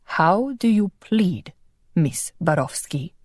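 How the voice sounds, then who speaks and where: A woman narrator voicing a stern, weary male leader who presides like a judge in a measured, quiet way. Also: on the low side, expressive, no room sound, clean studio sound.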